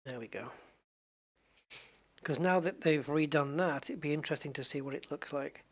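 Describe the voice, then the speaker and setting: Man, gameplay commentator, rambling, chuckly, thinking out loud, desk mic. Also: fairly high pitch, moderate pace, breathy edge. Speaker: gaming channel host.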